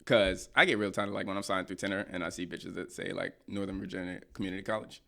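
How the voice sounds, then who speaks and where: A man's voice: low voice, steady tone, fast, vocal fry, sharp tone. A young man co-hosting a podcast, talking casually with wry, opinionated humor and frequent laughs. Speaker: podcast co-host. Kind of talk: casual chat.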